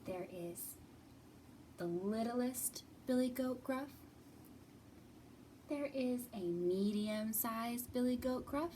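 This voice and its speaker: A woman's voice: mid-range voice, darkish tone, a little hiss or hum. A woman leading a children's storytime as librarian, talking in an encouraging singsong way, recorded from a distance.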